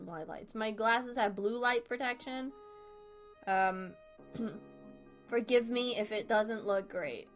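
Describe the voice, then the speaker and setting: A woman's voice: medium pitch, a bit bright. A woman streaming herself drawing, chatting casually with viewers, giggly and rambling, often laughing at herself. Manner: giggly, rambling, self-deprecating. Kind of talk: casual livestream chat.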